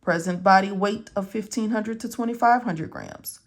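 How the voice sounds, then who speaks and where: A woman with a medium-pitched voice and normal speaking speed teaches medical coding notes step by step. The tutorial is casual, and she checks in again and again with "okay?" and "all right?"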